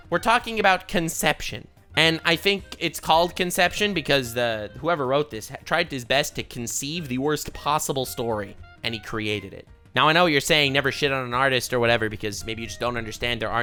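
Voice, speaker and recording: A man's voice: medium pitch, bright, forceful tone. A man ranting comically as an anime reviewer, swearing and mock-outraged. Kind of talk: comedic rant commentary.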